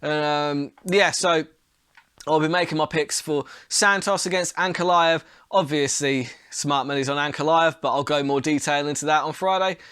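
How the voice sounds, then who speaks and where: Hoarse guy rambling on his podcast, kinda high voice, dry close sound, blunt and chatty, swears a bit. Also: moderate pace, fairly bright tone, no echo. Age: adult. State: hoarse and coughing from illness. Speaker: podcast host. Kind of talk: casual solo podcast talk.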